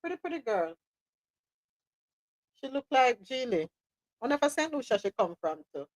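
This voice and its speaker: A woman with a Caribbean accent hosting a live talk show, chatting in a lively way, laughing often and slipping into patois. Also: high-pitched, moderate pace, no room sound. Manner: animated, laughing, slips into patois. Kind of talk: casual chat.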